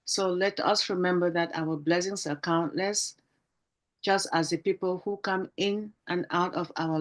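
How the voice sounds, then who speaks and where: A woman with a slightly low voice speaks on a video call. She delivers a tribute in a fervent, preacher-like rhythm and leans on familiar sayings. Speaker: panel team member.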